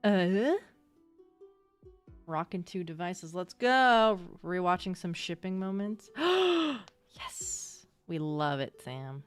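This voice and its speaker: A young woman livestreamer chatting casually and excitably with her viewers, swearing now and then. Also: on the low side, slow, smooth, faint music behind. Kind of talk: casual chat with live chat.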